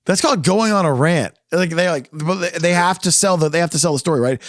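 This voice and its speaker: Speaking quickly in a fairly high voice, a man co-hosting a podcast vents heatedly and swears a lot in casual conversation. The studio audio is dry and clean.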